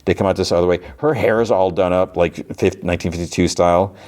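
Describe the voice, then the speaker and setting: A man's voice: low-pitched, steady tone, quick pace, a little mellow. A man hosting a podcast, casually retelling a TV episode and quoting its characters, with lots of fillers. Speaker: podcast host.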